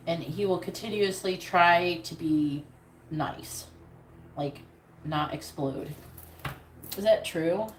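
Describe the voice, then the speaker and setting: A woman giving a live tarot reading in a casual, blunt way, swearing freely. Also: on the low side. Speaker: tarot reader. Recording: echoey room with noise.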